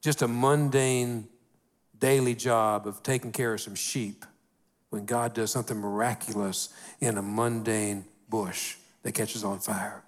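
A middle-aged man preaches a sermon in an easy, conversational way. His talk is folksy and sprinkled with "you know," and he slows to a crawl on the phrases he wants to stress. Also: lowish voice, fairly even intonation. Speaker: pastor.

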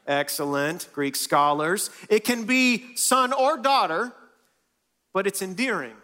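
A man preaching a sermon in a church, swinging from loud and lively to hushed and soft. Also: high-pitched, slow pace. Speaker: pastor.

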